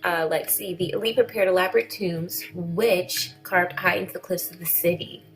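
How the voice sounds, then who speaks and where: A woman's voice: fairly low pitch, normal speed, faint music behind, rough recording. A woman chatting casually in a vlog, rambling and correcting herself as she reads through things. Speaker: vlogger.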